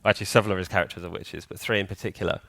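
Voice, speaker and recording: A man's voice: deep voice, fairly even intonation, very fast, gravelly, bright, forceful tone. A man giving a live conference talk in a hall, chatty and joking, quizzing the audience. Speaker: conference speaker.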